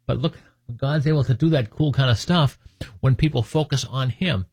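Reading passages of scripture aloud and then commenting, this man teaches the Bible in a conversational style, tossing in jokes and chuckling at his own points. His voice sits at medium pitch with a darkish, breathy tone and moves at a moderate pace, with no echo.

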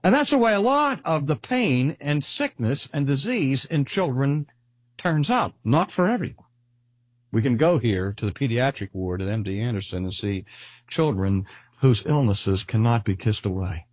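An older man preaching a sermon, measured and deliberate, slowing down to stress key words. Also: medium pitch, very animated, husky, no echo, clean studio sound. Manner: measured, with slow emphatic pauses. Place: speaking at a cancer hospital.

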